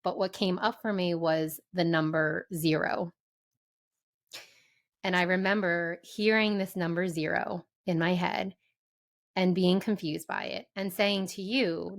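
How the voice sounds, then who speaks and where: A woman's voice: lowish voice, steady tone, vocal fry. A woman podcast host telling her own story in a casual chat, earnest and candid. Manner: earnest and candid, quick asides.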